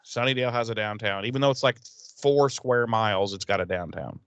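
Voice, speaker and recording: A man co-hosting a podcast, casually recapping an episode, cursing and acting out characters in quick voices. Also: on the low side, clean tone, no echo. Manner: profane, animated retelling with quick put-on voices for characters. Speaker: podcast co-host.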